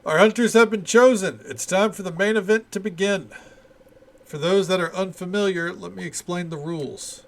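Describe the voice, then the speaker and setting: A man's voice: high voice, normal speed, voice pushed up. A man voicing an upbeat festival event announcer as he reads game dialogue aloud, with rallying, showy delivery. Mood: announcing.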